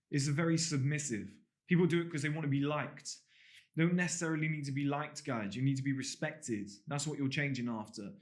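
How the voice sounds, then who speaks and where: A man teaching an online course to camera in a casual, conversational way, calling his viewers guys and switching between slow, deliberate statements and quicker chat. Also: fairly high pitch. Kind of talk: casual spoken lesson to camera. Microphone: talking to camera.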